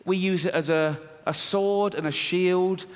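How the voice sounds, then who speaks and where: A British stand-up comedian performs his routine on a large theatre stage, his voice high and his tone steady, speaking a little slowly. He's blunt and brash, laughs at his own jokes, and sounds slightly out of breath. The stage mic picks up reverb from the hall.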